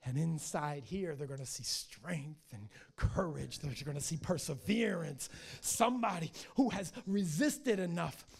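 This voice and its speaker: A man preaching a fiery sermon, his voice pitched high with a gravelly edge. He swings from hushed, quiet lines to shouted ones, animated all the way through. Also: a little slow, few pauses. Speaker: pastor.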